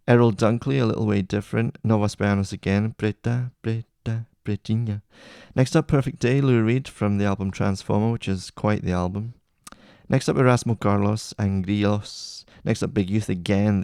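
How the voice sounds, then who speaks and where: Low gravelly-voiced man listing songs. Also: dry recording, clean studio sound. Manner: chatty, relaxed, enthusiastic asides. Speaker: music playlist host. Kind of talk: casual track-by-track rundown.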